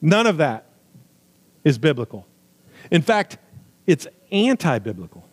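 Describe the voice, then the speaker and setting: A man preaching a sermon with emphatic, swinging delivery, loud high stresses falling to quiet low asides, with jokey remarks. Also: big pitch swings, a little slow, slightly rough. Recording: long hall reverb.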